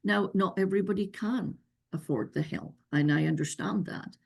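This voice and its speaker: A woman's voice: mid-range voice, normal speed, gravelly, husky. A woman with a noticeable accent, giving earnest, emphatic visa advice in a webinar Q&A over a video call. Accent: non-local accent. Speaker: visa expert answering questions.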